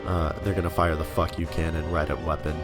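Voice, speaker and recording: A man's voice: a bass voice, little pitch movement, a little fast. A young man casually commenting over a video game he is playing, laughing often and swearing freely. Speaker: let's play commentator. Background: game music.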